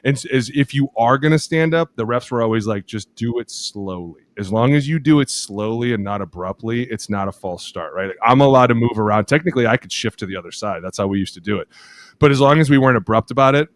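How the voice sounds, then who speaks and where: A man in his thirties, a podcast co-host telling lively locker-room stories, acting out quotes and laughing often. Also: medium pitch, fast. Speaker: podcast co-host, former offensive lineman. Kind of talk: casual chat, animated storytelling.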